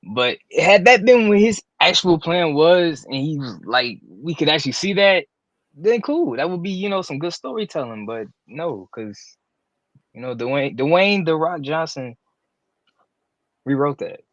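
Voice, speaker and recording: A man's voice: big pitch swings, measured pace, no room sound, dull audio. A man co-hosting a wrestling reaction podcast, talking casually with a playful, teasing manner. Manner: playful, teasing, swings between high and low tones. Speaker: podcast co-host.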